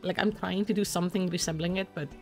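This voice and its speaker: A woman's voice: fairly low pitch, steady tone, quick pace, darkish tone, soft background music. A woman streaming a game, chatting casually between lines of game dialogue she reads aloud, with lots of "like".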